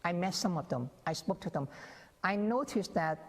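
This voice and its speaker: This guest scholar, interviewed on a TV set, talks at normal speed in a high-pitched voice with lively intonation. Many restarts and acted-out quotes run through his explanation, and long reverb colors the voice.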